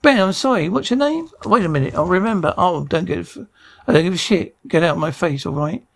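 A snappish, gravelly film director. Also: male voice, high voice, brisk, fairly bright tone, heavily acted. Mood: dismissive. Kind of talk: sitcom acting.

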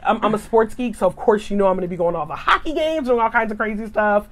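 Animated woman telling stories. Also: medium pitch, quick pace. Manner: animated, expressive storytelling. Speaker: guest. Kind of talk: casual chat.

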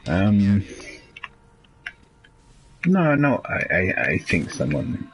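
A man with a deep voice chats through a live gameplay stream, drifting between thoughts, cursing casually, and letting sentences trail off. He talks at an unhurried pace, with a faint hiss of noise underneath. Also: huge pitch swings, low-quality recording. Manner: rambling, swears freely, trails off. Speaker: live streamer playing a video game.

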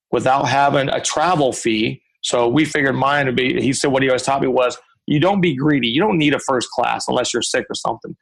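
A man with a gravelly, husky voice tells stories in a podcast interview. He talks about his mentor and slips into quoted voices. His delivery is animated and anecdotal. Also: mid-range voice, rough recording. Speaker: guest, author and speaker.

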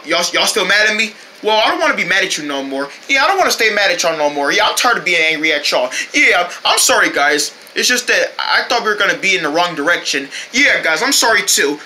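An amateur performer acting out a homemade kids' cartoon, doing exaggerated character voices with sudden shouts and gasps and casual slangy talk. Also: mid-range voice, a little hiss or hum.

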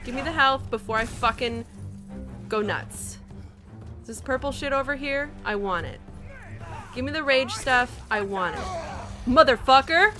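A woman's voice: fairly high pitch, moderate pace, pauses often, over music. Profane, frustrated woman streamer. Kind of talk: casual gameplay commentary.

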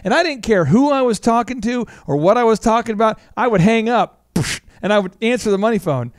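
A man hosting a business talk show, telling stories in a fast, animated way. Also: sits high, no echo, studio quality. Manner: fast, animated storytelling with shouted bits. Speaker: business coach and host.

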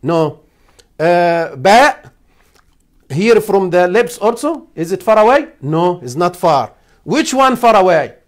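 A man, an imam teaching a class on Quran recitation rules. He repeats phrases, quizzes his students and sounds out letters slowly. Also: high-pitched, sing-song.

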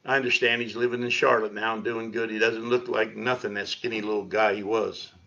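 A man's voice: fairly low pitch, little pitch movement, brisk, creaky, pushed and bright. A man preaching a sermon as pastor in his church, talking in a conversational way with sarcastic asides. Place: church sanctuary. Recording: lo-fi livestream audio.

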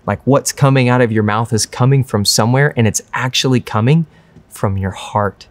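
A man's voice: medium pitch, moderate pace, no echo. A young man preaching a sermon as pastor, earnest and conversational.

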